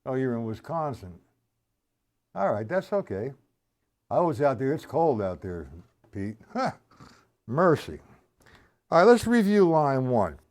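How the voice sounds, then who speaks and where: Chatty drum teacher with a lively voice. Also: male voice, mid-range voice, a little slow, pauses often. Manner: chatty, explains step by step, counts beats aloud. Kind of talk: live-streamed drum lesson.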